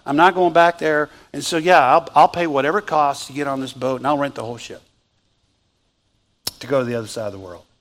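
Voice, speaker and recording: A man doing a runaway prophet who stammers and rushes his words, dead set on escaping. The voice is bright and forceful. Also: mid-range voice, pitched below the performer's own voice, lightly acted. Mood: resolute. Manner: hurried, stammering, determined. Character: desperate runaway prophet, middle-aged man.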